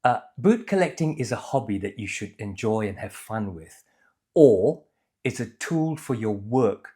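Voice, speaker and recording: A man's voice: lowish voice, animated, measured pace, mellow. A man reviewing boots, giving blunt, opinionated advice in a casual video. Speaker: boot reviewer.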